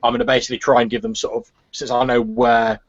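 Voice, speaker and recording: A man's voice: medium pitch, flat delivery, no echo, muffled recording. A man playing a tabletop game, explaining his moves with many "sort of"s. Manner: fast, full of sort of. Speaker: player. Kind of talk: casual chat during a game.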